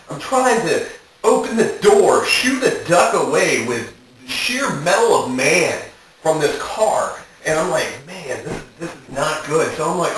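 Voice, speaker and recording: A young man tells a comic story to his camera, his voice sitting high and swinging widely as he acts out his own panicked reactions. He sounds a little far from the mic in a very echoey room, with a faint hiss behind him. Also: a bit bright. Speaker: vlogger. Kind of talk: animated storytelling monologue.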